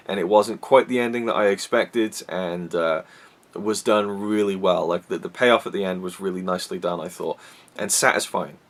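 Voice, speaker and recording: A man giving a casual, rambling film review to camera, with many restarts and fillers. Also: on the low side. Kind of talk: casual solo movie review.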